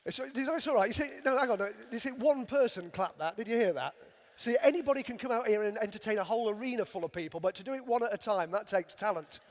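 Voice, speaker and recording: Middle-aged magician with dry stage patter. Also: male voice, sits high, lively intonation, fast, hardly any pauses. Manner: dry, self-mocking jokes. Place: large arena stage. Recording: long arena reverb.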